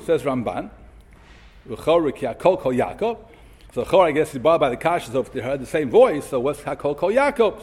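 A man gives a Torah lesson in a lively, rising and falling voice with a husky edge. He reads Hebrew sources aloud and then explains them in English, asking question after question. The sound carries a long echo, like a big hall. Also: sits high. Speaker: Torah teacher. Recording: echoey hall.

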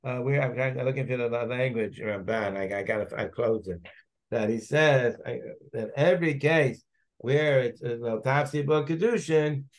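A man's voice: mid-range voice, normal speed. A man, a rabbi, teaching a Talmud class, thinking aloud as he searches through the text and digresses.

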